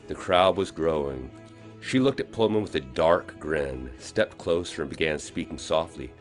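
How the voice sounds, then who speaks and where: A man, the author, reading his own novel aloud in expressive audiobook narration. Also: low-pitched, moderate pace, soft background music. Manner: expressive storytelling.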